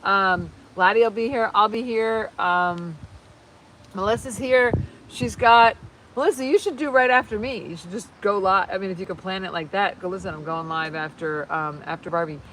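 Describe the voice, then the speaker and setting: A woman's voice: medium pitch, normal speed, a bit bright. A woman hosting a casual live stream outdoors, rambling and chatting while she reads viewer comments aloud. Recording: distant mic with faint background noise.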